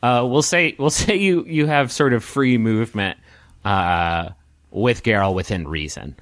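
Halting game master, dry sound. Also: male voice, mid-range voice, a bit bright, no room sound. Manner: halting, many ums and restarts. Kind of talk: narrating a tabletop game.

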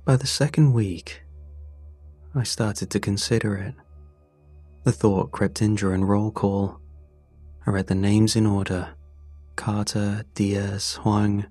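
Male horror narrator with a low, deliberate read and a dry, close sound, over faint background music. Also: steady tone, warm tone, dry recording. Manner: slow, measured, grim delivery. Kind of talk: scripted horror story narration.

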